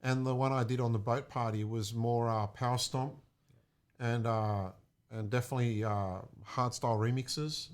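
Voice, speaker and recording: A man, a DJ chatting casually on a podcast and telling lively stories. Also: mid-range voice, moderate pace, clear, resonant tone. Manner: animated storyteller, laughs while telling. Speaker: DJ and podcast regular. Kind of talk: casual chat, storytelling.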